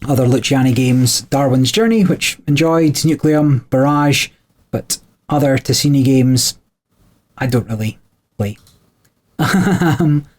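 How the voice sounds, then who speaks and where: A man's voice: medium pitch, slow, darkish tone. Chatty male podcast co-host explaining rules. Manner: chatty, frequent small laughs. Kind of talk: casual chat explaining game rules.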